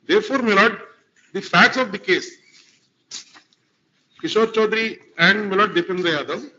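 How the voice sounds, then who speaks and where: A man's voice: high voice, moderate pace, bright, forceful tone, a little hiss or hum. A man arguing formally before a court as an advocate, deferential and constantly addressing the bench. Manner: formal, deferential, repeats "my lord" often. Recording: dull lo-fi courtroom recording.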